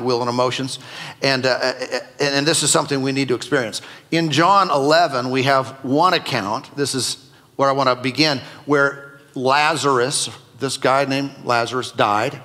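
A man's voice: mid-range voice, steady tone, moderate pace, pushed and bright. A male pastor preaching a sermon in a conversational, joking way to his congregation. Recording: long hall reverb.

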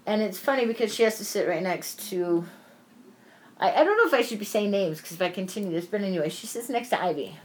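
A woman with an expressive mid-range voice talks quickly through a lengthy work anecdote. The chat is casual and meandering, full of "like" and profanity.

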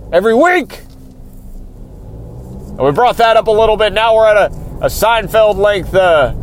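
A man hosting a podcast in a rambling, halting mock-conspiracy rant, recorded inside a truck on a morning drive. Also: high voice, slight background noise. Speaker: podcast host.

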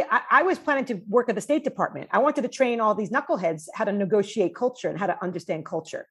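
A cross-cultural psychologist from New York, with a breathy-edged, mid-range voice, chats animatedly in a conversational interview. Her storytelling is lively and loaded with fillers.

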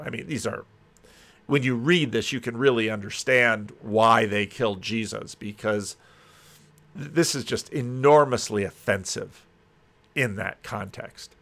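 A man's voice: lowish voice, unhurried, gravelly, a bit bright. A man teaching through a Bible passage in a conversational video commentary, musing aloud and landing emphatic punches.

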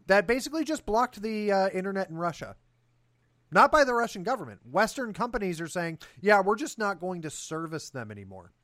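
A man with a somewhat high voice gives political commentary as a talk show host. He is sarcastic and animated, and he restarts his sentences often. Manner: animated, sarcastic, talks through restarts and fillers. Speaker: podcast host.

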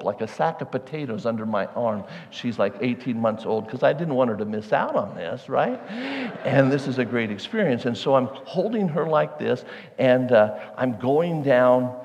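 Animated storytelling preacher in a hall. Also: male voice, medium pitch. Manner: animated, conversational, self-deprecating. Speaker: pastor. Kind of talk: sermon storytelling. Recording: long hall reverb.

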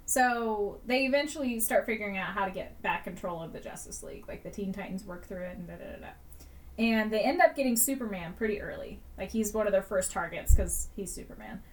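A woman's voice: medium pitch, brisk, distant mic. A woman co-hosting a podcast in casual chat, retelling scenes animatedly with frequent laughter and casual swearing. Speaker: podcast co-host.

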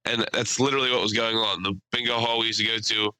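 Young male podcast co-host, crude joking storyteller, very bright tense tone, dry close sound. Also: on the low side, steady tone, fast, no room sound, poor audio. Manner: storytelling with crude jokes and voiced impressions. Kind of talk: casual chat.

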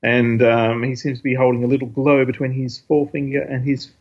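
A man's voice: medium pitch, little pitch movement, a little fast, husky. A man hosting a podcast, casually recapping a comic issue in a rambling way, with many fillers and quotes read aloud. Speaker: podcast host reviewing comics. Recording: dull lo-fi recording.

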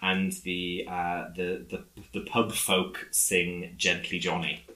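A man casually recapping a film on a podcast, halting often with fillers as he retells scenes. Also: low voice, completely flat delivery, pushed and bright, echoey room, rough recording. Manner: rambling, halting with many fillers. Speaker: podcast co-host.

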